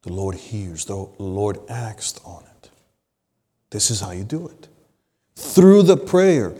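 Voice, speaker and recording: A male pastor preaching a sermon, swinging between loud emphasis and hushed, low phrases. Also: very animated, slow pace, slightly rough. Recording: long hall reverb.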